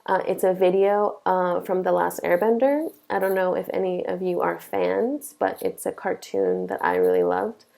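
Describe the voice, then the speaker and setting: A young woman teaches a classroom lesson in a low, gravelly, dark voice with big pitch swings. She walks through the material slowly and deliberately, checking in with "okay?" again and again.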